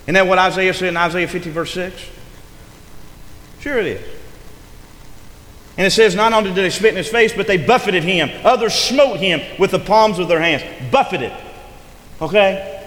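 A man with a high, slightly bright voice preaches at normal speed, leaving long pauses. His sermon follows a rising and falling preaching cadence with frequent stress on words. Faint noise and long reverb fill the echoey hall.

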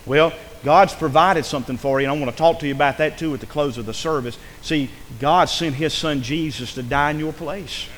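A man's voice: fairly high pitch, a little fast, few pauses, fairly bright tone, slight background noise. A male pastor preaching a fervent sermon in a church, swelling into impassioned calls to the congregation. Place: church sanctuary. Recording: reverberant church hall.

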